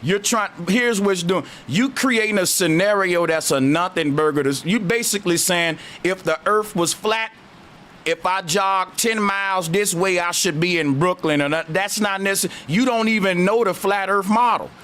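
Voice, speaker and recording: A man with a Southern US accent, hosting a call-in debate, talking slowly and arguing hard. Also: sits high, a bit bright. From Southern United States. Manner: slow, drawling, argumentative. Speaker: host.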